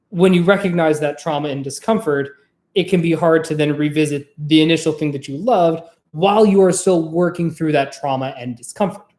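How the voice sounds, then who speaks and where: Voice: mid-range voice, darkish tone, reverberant. Chatty, swearing vlogger with a middling voice. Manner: rambling, profane, chatty; trained singer's voice. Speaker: vlog host. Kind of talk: casual chat to camera.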